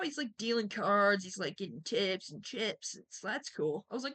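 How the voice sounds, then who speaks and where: A woman's voice: brisk, fairly bright tone. Chatty young woman telling stories. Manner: chatty and candid, many "like" fillers, acts out quotes in a higher voice. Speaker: streamer. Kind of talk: casual storytelling to stream chat.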